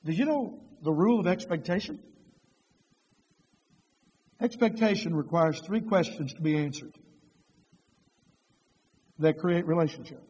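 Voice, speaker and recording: Middle-aged male preacher with a high voice, emphatic sermon delivery, heavy hall reverb. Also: measured pace, long pauses, darkish tone, breathy edge, highs cut off. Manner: emphatic, rhetorical questions, rising to raised passionate pitch. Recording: long reverb of a large hall.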